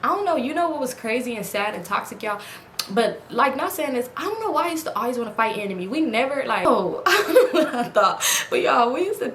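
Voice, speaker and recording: Speaking a little fast in a voice on the high side, a woman vlogs from home at night in front of a ring light. She animatedly tells her viewers a casual story, performing quoted dialogue in a raised voice, and the echoey room carries a little hiss or hum.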